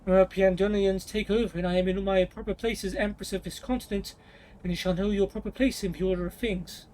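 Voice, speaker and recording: Cold, scheming queen with a cutting, polite edge, voiced by a man reading aloud in a high voice. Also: steady tone, fairly quick, darkish tone, a little hiss or hum, lightly acted, poor audio. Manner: cool, cutting, politely condescending. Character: scheming ambitious queen mother, woman.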